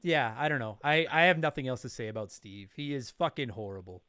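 A man co-hosting a podcast in casual chat, animated and profane as he rants. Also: mid-range voice, a little fast, smooth, no echo, clean studio sound. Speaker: podcast co-host.

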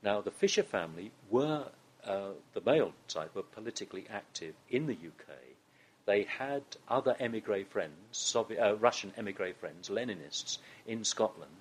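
A man's voice: fairly low pitch, lively intonation, moderate pace, slightly rough. A man with a Southern English accent, a guest in an interview, telling a story with many restarts. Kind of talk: conversational interview.

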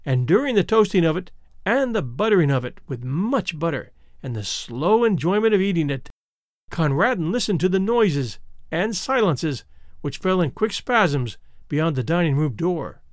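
A male audiobook narrator with a fairly high, gravelly voice that swoops widely as he reads. The reading is measured and expressive, with deliberate pauses, recorded close and dry. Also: no echo. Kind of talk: scripted narration of classic short stories.

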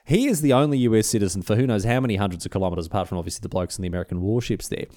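A man's voice: on the low side, rapid-fire, no echo, studio quality. A man with an Australian accent telling a history story in a casual, conversational way. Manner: animated, conversational, with restarts. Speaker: history podcast host.

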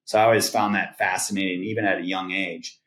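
Male podcast guest, lowish voice, loose filler-heavy storytelling, roomy echo. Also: flat delivery, fast, fairly bright tone. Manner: rambling, filler-heavy retelling with "like" and "right?". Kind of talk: casual storytelling. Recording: roomy echoing sound.

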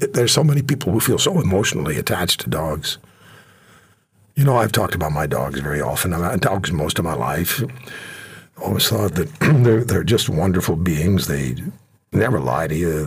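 Talk host, deep gravelly voice, lively, jokey storyteller. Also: male voice. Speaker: radio talk show host.

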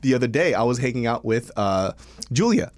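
A man's voice: medium pitch, very animated, brisk, no room sound. A man in casual chat, blunt and profane, laughing a lot.

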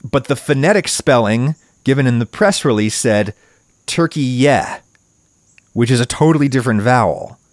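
A man's voice: lively intonation, brisk, hardly any pauses, no room sound, clean studio sound. A man hosting a solo video essay, giving opinionated commentary in a wry, emphatic way and leaning hard on stressed words. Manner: wry, emphatic, wide swings in pitch for stress.

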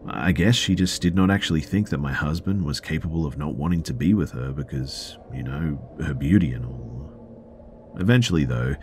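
A man narrating a first-person story in a measured, matter-of-fact way. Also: a bass voice, slight background noise.

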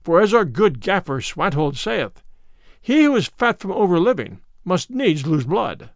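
A bold outlaw with a mock-courtly, commanding manner, voiced by a male reader. His delivery is animated and a touch high. The recording is dry and close. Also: a little slow, no room sound, full character voice. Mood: stern.

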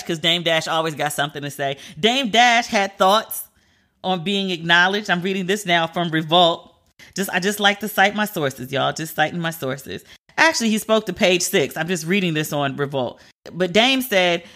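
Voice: medium pitch, sharp tone. A commentator reading entertainment news aloud in a casual, chatty way and reacting openly between the items.

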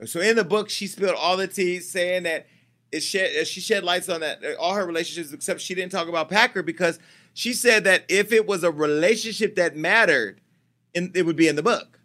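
Gossip show host guy, kinda high voice, sharp and punchy, swears a lot and teases everyone. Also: a little fast. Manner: brash, profane and teasing, talking to off-camera staff. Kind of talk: casual gossip commentary.

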